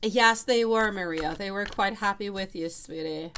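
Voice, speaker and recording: A woman's voice: medium pitch, normal speed, few pauses, fairly bright tone, clean tone. A woman giving a live tarot reading, chatty and affectionate, calling viewers sweetie and love between giggles. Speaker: tarot reader.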